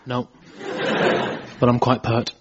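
A man as a comedy show sidekick, bantering in a deadpan way and describing his own antics. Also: mid-range voice, takes it slowly, very noisy. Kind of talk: playful banter. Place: stage with a live audience. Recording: muffled live audience recording.

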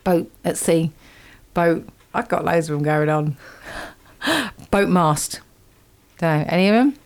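Teaching slang to a group, a woman keeps things chatty and playful, teasing and cheering them on with frequent laughter. She speaks slowly in a lowish, animated voice with an upbeat manner.

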